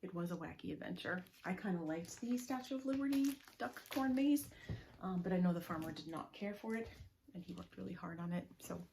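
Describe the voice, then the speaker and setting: A woman reading a picture story aloud to preschoolers at a library, in a sing-song, animated way that invites the children to join in. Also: fairly low pitch, fairly quick, gravelly, roomy sound, slight background noise. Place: library room.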